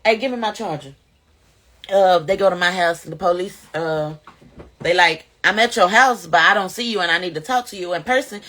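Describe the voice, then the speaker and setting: Bright-voiced mother telling her story. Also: brisk. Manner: animated, acts out quoted voices, rising high when excited. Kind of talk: casual storytelling vlog.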